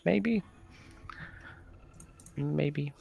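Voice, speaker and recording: A man running a tabletop game as game master, relaxed and inviting the players to join in. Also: on the high side, very slow, creaky, narrow, tinny audio.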